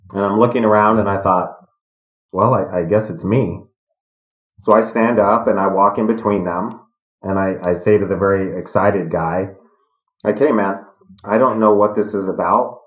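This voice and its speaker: A middle-aged man telling stories in a podcast interview, calm and reflective. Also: lowish voice. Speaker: guest, retired fighter. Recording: echoey room.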